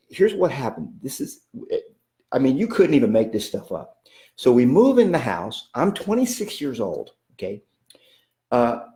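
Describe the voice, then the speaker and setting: Male coach, middle-aged, mid pitch, folksy storyteller with restarts, roomy echo. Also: darkish tone. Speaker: real estate coach. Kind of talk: casual storytelling talk. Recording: echoey room.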